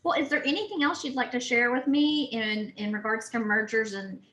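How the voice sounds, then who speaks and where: A woman's voice: fairly high pitch, brisk, fairly bright tone, echoey room, poor audio. A woman hosting an interview, affirming her guest with frequent "mm-hmm" and "yeah" and asking open questions. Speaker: interview host, nonprofit facilitator.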